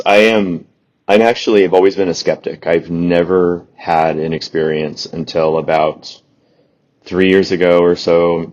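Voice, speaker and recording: Very deep-voiced man telling a story. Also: lo-fi sound. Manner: rambling, animated anecdote with restarts. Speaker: author and guest. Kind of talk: storytelling in a podcast interview.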